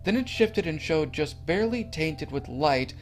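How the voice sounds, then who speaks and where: A man's voice: fairly high pitch, expressive, moderate pace, soft background music. A man narrating a creepy horror story in an earnest, slightly stumbling reading.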